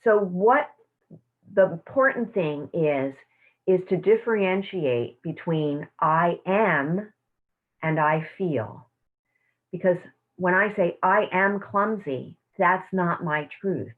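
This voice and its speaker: A woman teaching a self-care class, speaking in a soft, slow, affirming way over a video call. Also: lowish voice, lively intonation. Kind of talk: guided meditation and teaching. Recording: tinny phone-like audio.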